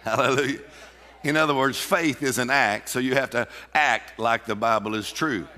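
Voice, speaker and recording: A man preaching a sermon with exuberant energy, breaking into shouts and bursts of laughter. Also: medium pitch, normal speed, big-room sound. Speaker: pastor.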